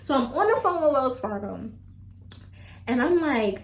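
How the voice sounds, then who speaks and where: A woman's voice: mid-range voice, takes it slowly. A young adult woman telling a story to her viewers in a chatty way, full of fillers. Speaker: vlogger. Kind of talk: casual storytime chat.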